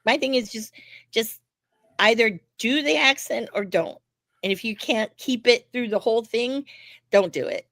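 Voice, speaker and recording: A woman's voice: fairly high pitch, unhurried, no echo. A woman co-hosting a wrestling podcast, talking bluntly and swearing freely in casual chat. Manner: blunt, profane, animated asides. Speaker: podcast co-host.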